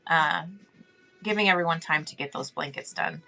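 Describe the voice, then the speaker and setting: A woman's voice: deep voice, moderate pace, pushed and bright, faint music behind. Chatty woman hosting a livestream. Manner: chatty, friendly, reads chat aloud, laughs often. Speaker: livestream host. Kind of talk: casual livestream chat.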